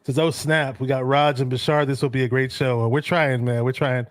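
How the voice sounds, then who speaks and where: A man's voice: medium pitch, a little fast, no echo. Chill guy hosting a sports talk stream, lots of ums, dry mic. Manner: relaxed, many ums and restarts. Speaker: podcast host. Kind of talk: casual sports chat reading viewer comments.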